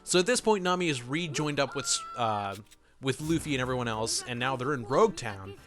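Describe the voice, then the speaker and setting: A man's voice: medium pitch, animated, a little fast, a bit bright, faint music behind. A young man giving casual, rambling let's play commentary, correcting himself as he goes. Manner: rambling, self-correcting, laughs often.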